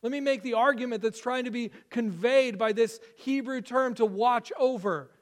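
A man preaching a Sunday sermon as pastor, earnest and emphatic, slowing down to stress key phrases. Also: extremely high pitch.

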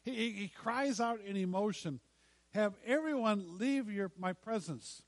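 A man preaches with a voice that sits a little high for a man. He acts out quoted lines dramatically, using repetition and long pauses. The sound is dry and close, with no room echo. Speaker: pastor. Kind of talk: sermon.

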